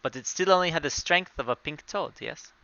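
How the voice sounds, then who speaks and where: A man playing a tabletop game. He talks excitably, with yelps and giggles. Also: fairly high pitch, a little fast, gravelly, smooth, muffled recording. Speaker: player.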